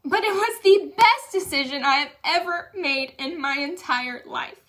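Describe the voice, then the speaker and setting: A woman's voice: high voice, a little slow, a bit bright. A young woman giving a candid, emotional motivational testimonial, chatty and saying y'all. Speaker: direct sales leader.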